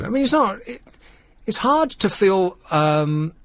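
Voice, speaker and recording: A man's voice: sits high, sing-song, a little slow, a bit bright. A man hosting a radio talk show, rambling and sardonic as he chats opinionatedly into a studio microphone. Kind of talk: casual radio chat.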